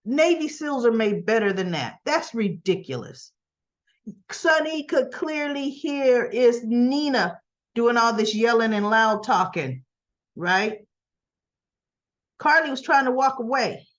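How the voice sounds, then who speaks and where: A woman's voice: on the high side, expressive, slow pace, lo-fi sound. A woman casually recapping a soap opera episode, opinionated and chatty, with frequent asides.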